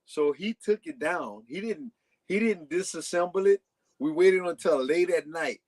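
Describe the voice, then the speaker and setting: A man's voice: sits high, animated, a little slow. A man telling long casual stories as a guest on a talk show, rambling with frequent restarts. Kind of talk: casual storytelling.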